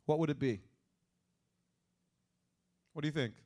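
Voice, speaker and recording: A man's voice: fairly high pitch, a little slow, a little mellow. A man with an Israeli accent giving an interactive lecture and quizzing the audience with questions. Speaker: persuasion lecturer.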